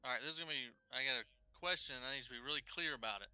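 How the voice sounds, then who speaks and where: A man's voice: mid-range voice, racing, pushed and bright. A man narrating a tabletop game as game master, describing scenes casually with many fillers.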